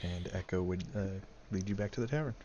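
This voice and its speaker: Deadpan lower-voiced man, muffled lo-fi line, game player. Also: fast talker, slight background noise. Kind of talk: in-character tabletop play.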